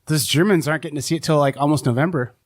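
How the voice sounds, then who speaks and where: A man's voice: fairly high pitch, racing. A man co-hosting a board game podcast in casual chat, rambling and hedging with a self-deprecating tone. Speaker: podcast co-host.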